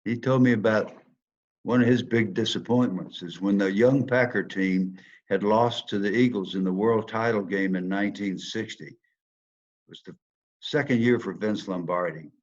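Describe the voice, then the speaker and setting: An older man with a Southern accent tells a personal story, swinging between loud bursts and hushed asides like a dramatic storyteller. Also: lowish voice, normal speed, dull audio. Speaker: speaker telling a personal story. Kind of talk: storytelling talk.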